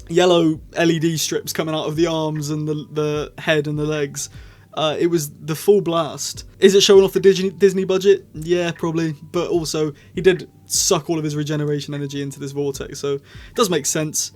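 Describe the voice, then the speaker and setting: A man giving a casual spoken review, rambling and excitable, often correcting himself mid-sentence. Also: on the high side. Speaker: video reviewer.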